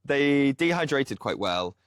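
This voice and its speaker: A man's voice: medium pitch, sing-song, a little slow, dry recording, studio quality. A man co-hosting a podcast, chatting casually in a kitchen, rambling and joking at his own expense. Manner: rambling, self-mocking and jokey, full of "like". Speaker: podcast co-host. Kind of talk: casual chat.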